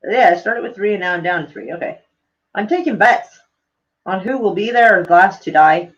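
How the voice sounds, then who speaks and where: A woman's voice: mid-range voice, a little fast, dull audio. A woman live-streaming in a casual chat, reading tweets aloud to her viewers, swearing freely and laughing often.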